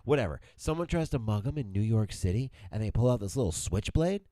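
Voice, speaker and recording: Lively low-voiced rambling man. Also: a little fast, dry recording, studio quality. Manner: rambling, teasing, jumps between topics. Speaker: podcast co-host. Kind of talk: casual couple's podcast banter.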